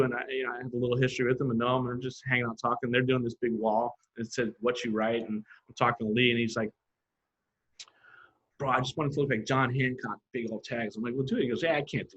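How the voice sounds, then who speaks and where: A man's voice: medium pitch, husky, dull audio. A man, a graffiti artist telling stories in casual chat and acting out other people's lines. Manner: animated storyteller, acts out other people's lines in quotes. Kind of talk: casual storytelling.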